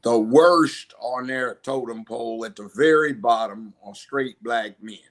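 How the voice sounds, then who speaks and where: A man's voice: mid-range voice, a little slow. A man in his seventies from Los Angeles, speaking as a guest in a conversational interview, emphatic and given to acting out voices in his stories. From Los Angeles, United States. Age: 70s. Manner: emphatic storyteller who acts out voices.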